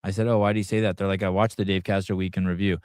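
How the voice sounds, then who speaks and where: A man's voice: sits low, level tone, racing, darkish tone, clear, resonant tone, dry recording, clean studio sound. Profane rambling podcast host man. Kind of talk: casual live podcast chat.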